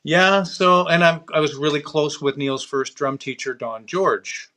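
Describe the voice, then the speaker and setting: Bright-voiced Canadian host, casual chat. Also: male voice, on the high side, unhurried. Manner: loose anecdotes told in fragments. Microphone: video call livestream mic.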